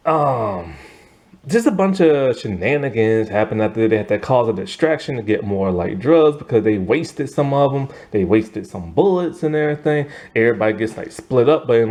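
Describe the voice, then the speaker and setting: A man's voice: medium pitch, warm tone. A man casually recapping a movie plot, laughing as he acts out the characters' lines. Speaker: movie reviewer.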